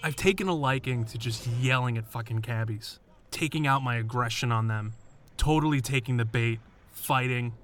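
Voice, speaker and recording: A man's voice: mid-range voice, moderate pace, fairly bright tone. A man narrating his own story in a scripted, blunt and profane first-person telling.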